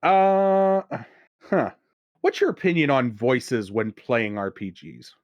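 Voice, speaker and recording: A man's voice: medium pitch, big pitch swings, slow pace, dry recording, dull audio. A man from southwestern Pennsylvania co-hosting a gaming podcast in casual chat, rambling and laughing often. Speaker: podcast co-host.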